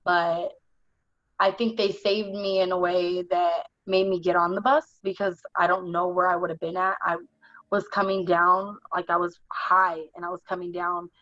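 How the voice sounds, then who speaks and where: A young adult woman telling her own story in conversation, in a halting, earnest way full of "like". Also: lowish voice, flat delivery, fairly bright tone, no room sound. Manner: halting, earnest, heavy use of "like". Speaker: interview guest. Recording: dull, dry lo-fi recording.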